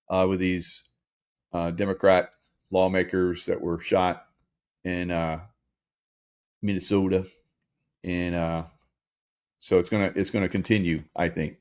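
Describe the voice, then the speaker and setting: A man's voice: low voice, a little mellow. A man in his sixties hosting a casual commentary monologue, rambling with many fillers and restarts. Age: 60s. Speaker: host.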